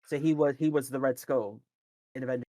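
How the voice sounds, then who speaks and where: A man's voice: mid-range voice, brisk, warm tone, no echo. A man co-hosting a podcast, chatting casually and enthusiastically about films and games, rambling with lots of restarts. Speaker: podcast co-host. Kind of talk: casual film and games discussion.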